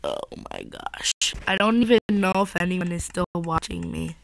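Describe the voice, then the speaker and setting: A woman's voice: on the low side, normal speed, gravelly, slight background noise, rough recording. A woman chatting casually while commenting on her Minecraft gameplay, rambling and often correcting herself mid-sentence. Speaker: gaming channel host.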